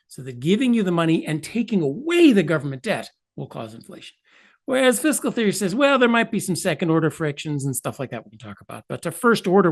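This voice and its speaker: An older man explains ideas as an interview guest. His pitch swoops widely as he stresses points. He drops in wry, offhand asides. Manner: animated, emphatic, wry asides. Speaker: economist guest.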